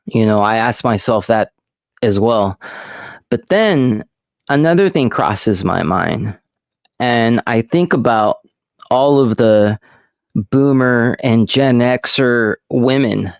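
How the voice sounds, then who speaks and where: A man of middle pitch hosts a casual podcast, telling stories in a slow, rambling way and swearing freely. His voice sits close and dry on the mic. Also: expressive, no echo. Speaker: podcast host.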